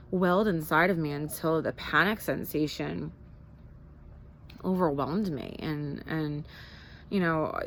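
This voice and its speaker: A woman's voice: sits low, slight background noise. A woman in her thirties talking candidly in a casual personal vlog, rambling with fillers and restarts. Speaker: vlogger.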